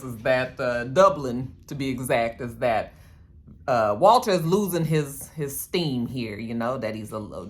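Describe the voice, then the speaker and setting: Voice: medium pitch, fairly bright tone. A chatty vlogger recapping a TV episode in loose, slangy talk. They curse freely and keep dropping in asides, with a mid-range voice. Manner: chatty, slangy, profane, quick side comments. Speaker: TV episode reviewer.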